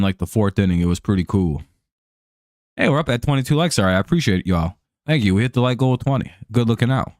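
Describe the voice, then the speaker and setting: A man's voice: on the low side, darkish tone, dry recording. A man hosting a live stream, chatting casually over a baseball game, laid-back and joking, with casual swearing.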